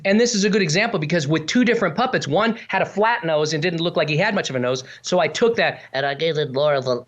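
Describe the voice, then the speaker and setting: A man's voice: fairly high pitch, fast, a bit bright. Ventriloquist man chatting about voices. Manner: demonstrates character voices mid-sentence, rambling restarts. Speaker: ventriloquist guest. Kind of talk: casual interview chat.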